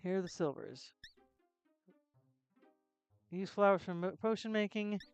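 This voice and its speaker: A woman's voice: medium pitch, animated, unhurried, a little mellow, smooth, lo-fi sound, soft background music. A woman live-streaming a game, chatting with jokes and self-deprecating asides into a close desk mic. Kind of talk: casual gameplay live stream.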